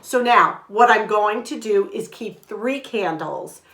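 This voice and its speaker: A woman's voice: mid-range voice, slow pace. Chatty older woman in an echoey room. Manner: chatty and animated, retelling with quoted dialogue. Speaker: vlog host. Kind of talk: casual storytelling vlog.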